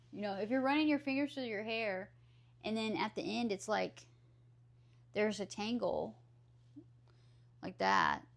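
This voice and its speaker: A woman's voice: mid-range voice, creaky. A woman with a Southern US accent, chatting casually with her live stream viewers and answering their questions aloud.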